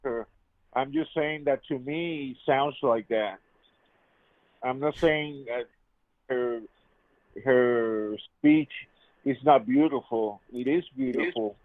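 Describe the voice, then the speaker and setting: A man's voice: medium pitch, takes it slowly, long pauses, no room sound. A man in his fifties calling into a live debate show, insistently repeating his argument over and over. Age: 50s. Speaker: caller. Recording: tinny phone line.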